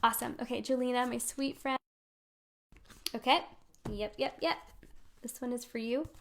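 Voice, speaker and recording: A fairly high-voiced woman in her thirties hosts a live card reading. She talks casually and warmly, calling her viewers her sweet friends, with an upbeat, encouraging manner. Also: steady tone, moderate pace, slight background noise. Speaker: spiritual coach hosting weekly card pulls.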